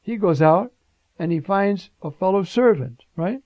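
A man preaching a sermon with emphatic, animated delivery, rhetorical questions and frequent fillers. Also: high-pitched, unhurried, no room sound. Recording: dull lo-fi recording.

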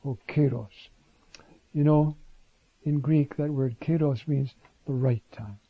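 A man's voice: medium pitch, fairly even intonation, slow, no echo. A man teaching scripture in a conversational sermon, with informal asides and restarts, on a dull lo-fi recording.

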